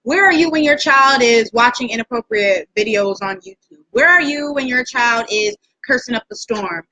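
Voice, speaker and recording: A young woman speaks in a high, bright, ringing voice. She co-hosts a casual chat and drives her points home with preachy repetition. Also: normal speed, rough recording. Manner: preachy, emphatic, repeats phrases. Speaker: co-host.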